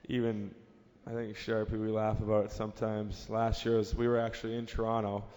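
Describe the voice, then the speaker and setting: A man, a team captain on a fan panel, telling a lively anecdote, laughing and acting out the shouting. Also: fairly low pitch, a little fast. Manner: lively storyteller, laughs at own story, acts out yelling. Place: stage in a large convention hall. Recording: reverberant hall with ambient noise.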